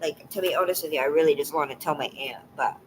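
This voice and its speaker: A woman live streaming and chatting casually with her viewers, teary and emotional, talking in a halting, soft way that often trails off into a whisper. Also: low-pitched, a little hiss or hum, rough recording.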